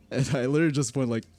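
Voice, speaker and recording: A man's voice: mid-range voice, dark tone. A man streaming in casual chat, telling rambling stories and laughing often. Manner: rambling, self-correcting storyteller.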